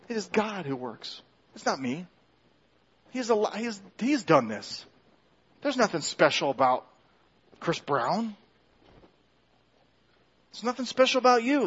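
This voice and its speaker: High-voiced man preaching conversationally. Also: slightly rough, dull audio. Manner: conversational, self-deprecating preaching with restarts. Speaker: pastor. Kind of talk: sermon. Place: church sanctuary.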